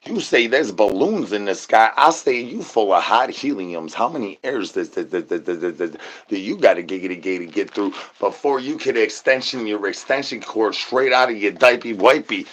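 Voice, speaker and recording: A man's voice: lowish voice, expressive, moderate pace. A man ranting an absurd comedy monologue full of rhyming nonsense slang and stuttered repeated words. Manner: shouts out catchphrases. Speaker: comedy channel host. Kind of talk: absurd improvised comedy rant.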